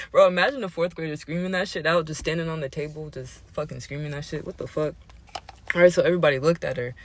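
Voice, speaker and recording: A man hosting a casual show, telling a story in an animated, slangy, profane way, often laughing. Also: on the high side, fast, no room sound. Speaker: host.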